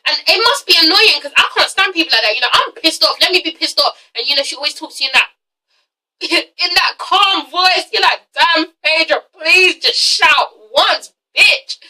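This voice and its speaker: A woman's voice: extremely high pitch, animated, brisk, pushed and bright, distant mic, rough recording. A woman reviewing a TV episode in a casual, gossipy rant, frank and swearing freely. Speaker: TV show reviewer.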